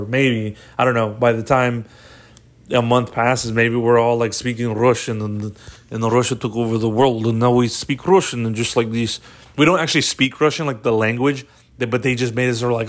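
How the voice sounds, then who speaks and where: A man's voice: mid-range voice, steady tone, fairly quick. A man hosting a casual solo podcast, rambling with lots of fillers, swearing and frequent laughter. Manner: rambling, profane, laughs often. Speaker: podcast host.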